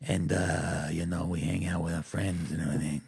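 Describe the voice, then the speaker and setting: A man's voice: low voice, fairly even intonation, moderate pace, creaky, darkish tone, slightly rough. A man hosting a casual comedic podcast, joking around and slipping into impressions. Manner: playful, jokey, doing impressions. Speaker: podcast host.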